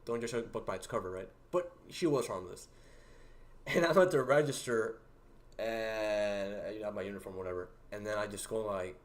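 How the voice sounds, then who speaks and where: A young man hosting a livestream, telling stories about work in a rambling, halting way with many fillers and laughs. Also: lowish voice. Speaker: livestream host. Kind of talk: casual storytelling to a livestream chat.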